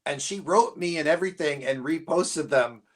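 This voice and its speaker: Guy guesting on a live chat, kinda high-pitched, rambles and trails off, pokes fun at himself. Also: moderate pace, a bit bright. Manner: rambling and self-deprecating, often trailing off. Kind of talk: casual live-stream chat.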